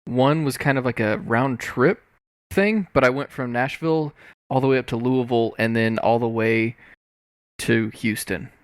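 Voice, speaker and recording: A young man co-hosting a podcast, telling a long story haltingly with many restarts. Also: mid-range voice, no room sound. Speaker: podcast co-host and scorekeeper. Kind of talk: casual chat.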